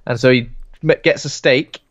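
A man's voice: mid-range voice, fairly even intonation, normal speed, no echo. Male co-host, jokey film talk, dry and slightly dull recording. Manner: jokey, slips into silly voices. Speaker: podcast co-host. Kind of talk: casual film chat.

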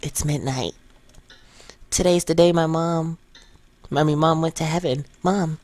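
A man voicing a timid, frightened young girl in a horror game, speaking softly and hesitantly. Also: a little high, steady tone, unhurried, no echo, pitched above the performer's own voice, lightly acted. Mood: wistful.

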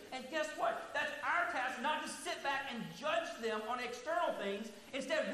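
Male pastor mid-sermon with a very high, forceful voice, earnest and emphatic, recorded in an echoey church hall with faint hiss. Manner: earnest, emphatic preaching that slows to stress key words. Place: large church sanctuary.

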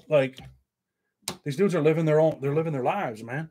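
A man's voice: fairly high pitch, moderate pace, a little mellow. Rambling, profane man hosting a livestream. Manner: rambling, profane, reading viewer comments aloud. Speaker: show host. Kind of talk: casual livestream chat.

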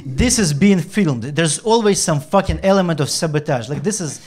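A man's voice: a little high, animated, moderate pace, darkish tone. A man doing stand-up, ranting sarcastically with heavy swearing. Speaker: stand-up comedian. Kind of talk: stand-up routine.

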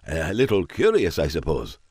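A man's voice: extremely low pitch, wildly swooping pitch, normal speed, a little mellow, breathy edge, no room sound, studio quality, full character voice. A man voicing a polite, cautious poet who answers hesitantly with stammers and fillers. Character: cautious, polite young-ish Scottish poet.

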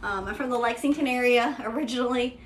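High-voiced Kentucky woman hosting live sales. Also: fast, roomy sound. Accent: Central Kentucky Southern drawl. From Kentucky, USA. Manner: chatty and upbeat, filler-heavy ("yeah", "there you go"). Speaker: host selling vintage luxury bags. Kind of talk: live-stream product showcase.

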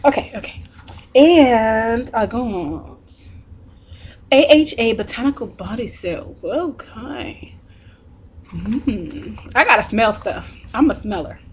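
A young woman vlogging as she unboxes a package, excited and gushing, and laughing often. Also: fairly high pitch, slow pace, a little hiss or hum.

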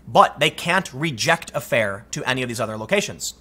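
A man's voice: medium pitch, expressive, fairly quick, sharp tone. A man giving emphatic, conversational opinion commentary and telling a personal story. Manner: emphatic, conversational, frequent restarts. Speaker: political commentator.

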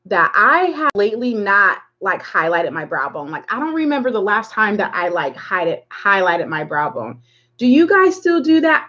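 Woman chatting thru a makeup livestream, mid pitch, kinda muffled audio, says hi to viewers. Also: a bit bright. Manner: rambling, chatty, greets viewers by name. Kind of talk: casual live makeup tutorial chat.

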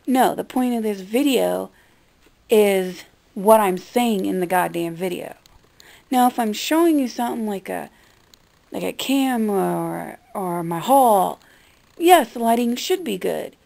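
A woman's voice: mid-range voice, gravelly, a little mellow. A young woman vlogger talking bluntly and defensively, swearing freely in a casual rant. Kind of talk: casual ranting vlog.

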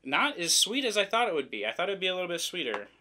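High-pitched and fast, this man's voice swings widely in pitch and sounds pushed and bright, with a slight hiss or hum in the recording. He's a product-reviewing vlogger from the American Midwest, rambling through an unboxing while joking at his own expense.

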